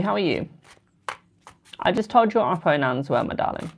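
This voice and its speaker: British man, gravelly voice, tarot reader, chatty live stream, affectionate with viewers. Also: on the high side, animated, normal speed, slight background noise. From United Kingdom. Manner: chatty, calls viewers "my darling".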